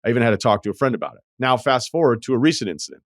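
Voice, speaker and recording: A man's voice: medium pitch, lively intonation, racing, dry recording, studio quality. A man hosting a podcast, telling stories in a wry, profane, casual way. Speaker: podcast host. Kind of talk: casual chat.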